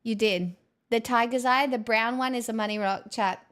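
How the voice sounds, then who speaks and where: A woman streaming from her home kitchen, talking casually to her viewers. Her voice sits a little high. She is playful and self-mocking. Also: normal speed, fairly bright tone, clear, resonant tone. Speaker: live streamer.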